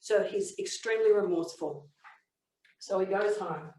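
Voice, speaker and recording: A woman giving a communication training webinar, explaining and telling a story in a measured way. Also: mid-range voice, a little mellow. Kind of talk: webinar teaching. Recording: echoey room, mic far off.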